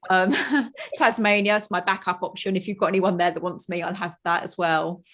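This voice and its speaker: A woman's voice: fairly low pitch, a bit bright. A woman from the UK, a podcast guest, talking in a chatty, upbeat way with frequent laughter. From United Kingdom. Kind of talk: casual chat.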